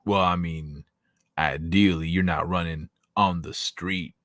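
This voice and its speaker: A man's voice: deep voice, steady tone, unhurried, a bit bright, no room sound, clean studio sound. A man hosting a casual late-night livestream, joking crudely and bantering with his chat. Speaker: livestream host.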